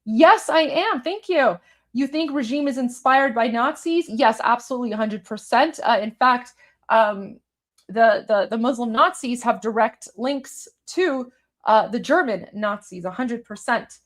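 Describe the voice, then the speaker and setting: A young woman with a bright, high-pitched voice hosts a casual livestream. She chats freely with her viewers and answers their comments as she goes. Her speech is loose and rambling, full of fillers and restarts. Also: animated, measured pace. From Iranian heritage. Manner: chatty, many fillers and restarts. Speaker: livestream host.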